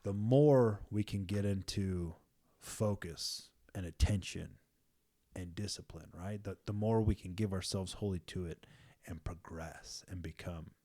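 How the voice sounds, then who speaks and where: A man in a casual faith conversation, animated, sometimes dropping into whispers. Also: deep voice, measured pace. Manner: animated, acts out quotes with sudden whispers.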